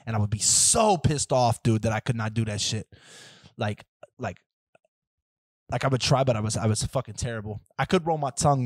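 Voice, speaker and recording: A man's voice: lowish voice, no room sound. Profane rambling man on a dry mic. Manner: rambling, profane, restless, many fillers and tangents; lively, swings from loud outbursts to muttered asides. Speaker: podcast host. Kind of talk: casual solo podcast rant.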